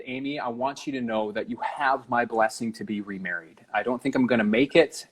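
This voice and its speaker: A young man speaks as an interview guest with a voice of ordinary middle pitch for a man. He tells his story in a heartfelt, earnest way, as personal testimony. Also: a bit bright.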